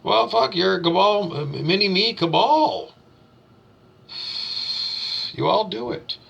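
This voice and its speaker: A man with a husky, gravelly voice rants like a preacher in a vlog, firing questions at himself and answering them bluntly, swearing freely. His voice sits slightly high for a man. The recording sounds dull and muffled. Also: animated, slow pace, fairly bright tone. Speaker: self-styled spiritual teacher. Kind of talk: ranting vlog monologue.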